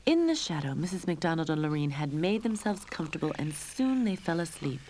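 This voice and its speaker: Narradora de cuento de voz grave y expresiva. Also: female voice, low voice, sing-song, brisk, darkish tone, slight background noise. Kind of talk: storybook narration.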